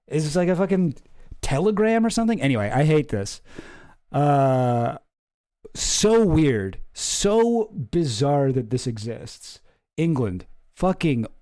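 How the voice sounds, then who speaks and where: A man's voice: on the high side, warm tone. A man giving casual, profane commentary, sarcastic and ranting, mocking official statements in a pompous read-aloud voice. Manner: sarcastic, ranting, swears a lot. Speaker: commentary streamer.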